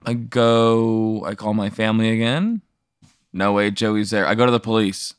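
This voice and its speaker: A man playing along in an improvised scenario, quick and playful, swearing often. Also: on the low side, clear, resonant tone, dry recording, clean studio sound. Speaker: player. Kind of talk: improvised play, casual.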